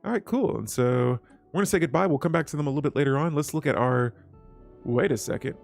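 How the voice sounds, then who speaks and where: A man's voice: fairly high pitch, fast talker, creaky, faint music behind. A man hosting a strategy game let's play, chatting casually with his viewers as he clicks through menus. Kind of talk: gameplay commentary.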